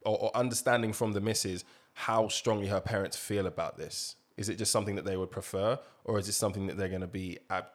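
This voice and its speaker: A man's voice: fairly low pitch, fairly even intonation, fast, hardly any pauses. A man in casual podcast chat, reflective and jokey.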